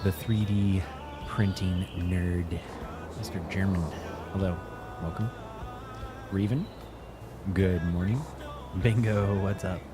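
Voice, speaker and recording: A man's voice: low-pitched, fairly even intonation, slow pace, pauses often. A man hosting a live gaming stream from home, chatting casually and greeting viewers by name at a close desk mic. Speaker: gaming livestream host. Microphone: desk mic, moved close. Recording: music playing under the voice.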